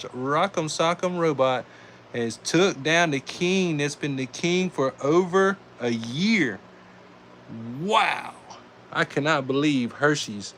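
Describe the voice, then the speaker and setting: A man with a Southern US accent calling live die-cast car races, excitable and saying y'all, reading out times as each heat ends. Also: on the high side, slight background noise. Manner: excitable, calls out race times, says y'all. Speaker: die-cast race host and commentator. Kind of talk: live race commentary.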